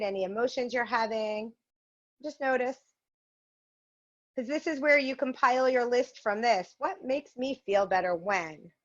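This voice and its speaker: A woman leading a virtual yoga and mindfulness class, guiding poses and a game in an upbeat, encouraging way. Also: medium pitch. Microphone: video call. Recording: muffled video-call audio.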